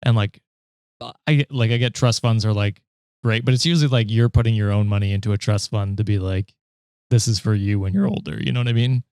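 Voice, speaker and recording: A man's voice: on the low side, fairly quick, a little mellow, clear, resonant tone, no echo, clean studio sound. A man co-hosting a podcast in casual chat, reacting with laughter and frequent swearing. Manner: chatty, laughing, swears freely. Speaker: podcast co-host.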